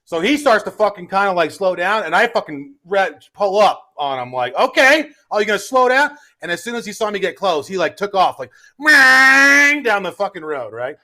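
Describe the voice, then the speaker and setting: A man co-hosting a casual comedy podcast, telling a sweary, animated story. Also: sits high, fairly quick, few pauses. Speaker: co-host.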